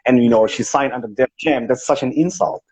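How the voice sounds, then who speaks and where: A man with a South African accent doing a comic impression of a boastful, self-important rich businessman on a live video chat, in a husky voice. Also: medium pitch, brisk, a little mellow, natural voice. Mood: pompous. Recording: dull lo-fi live-stream audio.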